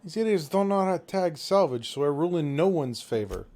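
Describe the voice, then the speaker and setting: A man who plays the game and reads the player's lines aloud, quick and matter-of-fact. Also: a little high, lively intonation, mellow. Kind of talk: reading game dialogue aloud.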